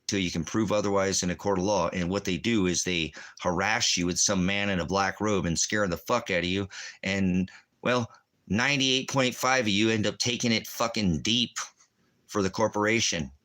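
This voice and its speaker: A man's voice: low voice, normal speed, a bit bright. Furious profane man ranting. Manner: profane, combative, rambling. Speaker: veteran ranting. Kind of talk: angry profane rant.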